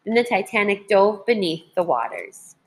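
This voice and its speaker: A woman teacher reading a children's history book aloud in a clear, measured way. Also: medium pitch, very animated.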